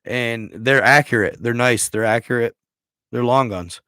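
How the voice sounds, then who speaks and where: A man's voice: medium pitch, measured pace, pushed and bright, clean tone, dry recording, clean studio sound. A man hosting a casual livestream, rambling through a history story in slangy speech and stumbling over words. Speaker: livestream host.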